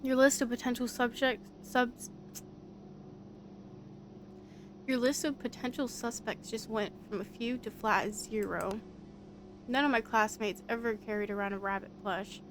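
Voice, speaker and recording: A woman's voice: on the high side, fairly even intonation, normal speed, slight background noise, close to an everyday voice. Laid-back gossipy young man from a game, slangy delivery, read by a woman. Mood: casual. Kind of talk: voice-acting a visual novel.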